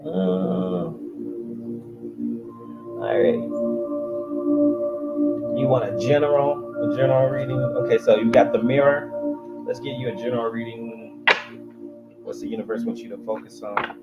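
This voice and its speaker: A man's voice: mid-range voice, a little slow, long pauses. Man, casual tarot livestream, chatty and self-mocking, muffled audio, music behind. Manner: chatty, jokey, self-deprecating, restarts. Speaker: tarot reader.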